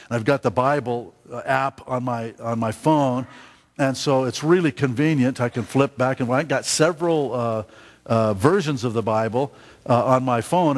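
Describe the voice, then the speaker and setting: A man preaching a sermon to his congregation, halting often with fillers and restarts and asking the listeners questions. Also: a little high. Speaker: pastor. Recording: long hall reverb.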